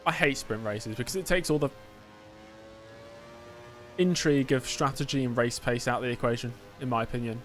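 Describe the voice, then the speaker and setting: A man's voice: mid-range voice, fairly quick, pauses often, a bit bright, faint music behind. English male gaming streamer, casual and self-deprecating, medium voice. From England. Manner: chatty, joking, self-deprecating asides. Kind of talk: casual gameplay commentary.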